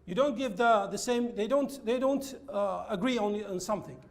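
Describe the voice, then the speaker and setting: A man teaching an English lesson, explaining linking words slowly and repeating his examples. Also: high voice. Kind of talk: classroom lesson with slides.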